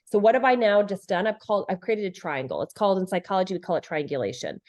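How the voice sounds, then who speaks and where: A woman's voice: mid-range voice, expressive, quick pace, a little mellow. A middle-aged woman, a leadership and relationship expert, talking as a podcast guest in an earnest, emphatic way. She repeats phrases for stress and acts out quoted lines. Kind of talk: conversational podcast interview.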